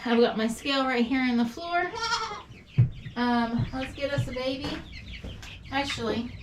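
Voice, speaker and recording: A woman's voice: high-pitched, unhurried. Chatty woman in a noisy barn. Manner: chatty, rambling explanations. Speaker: goat farmer. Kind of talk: casual how-to farm vlog. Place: barn feed room. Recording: farm noise with clucking chickens.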